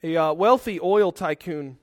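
A male pastor preaching a sermon with earnest, conversational asides. His voice sits fairly high, and the sound is dry and close to the mic. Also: measured pace, dry recording.

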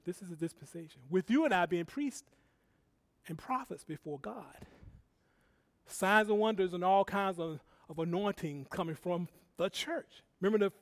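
A man delivers a sermon in a high voice, drifting between quiet, wandering asides and loud exhortations to the congregation. He corrects himself often and talks like he is chatting with them. The sound is close and dry. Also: no room sound. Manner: conversational and rambling, with self-corrections and laughs. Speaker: preacher.

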